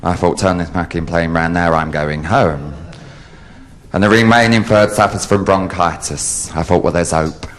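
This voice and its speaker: A man in drag, telling bawdy stand-up jokes on a theatre stage with brash, lively delivery. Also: deep voice, normal speed. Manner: brash, lively storytelling with sudden loud outbursts. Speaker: drag comedian. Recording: live theatre audience, faint hiss.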